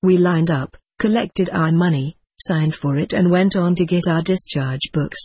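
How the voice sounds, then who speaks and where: A reader giving measured, reflective first-person narration of an audiobook. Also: mid-range voice, darkish tone, breathy edge, no room sound.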